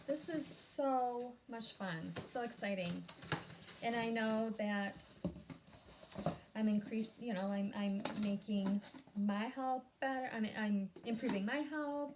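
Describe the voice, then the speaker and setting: A woman vlogging a casual unboxing at home, gushing and easily excited, often breaking off mid-sentence. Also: fairly high pitch, noisy background. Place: home room.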